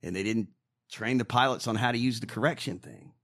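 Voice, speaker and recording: A man co-hosting a casual podcast, ranting and swearing in animated bursts. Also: mid-range voice, brisk. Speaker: co-host.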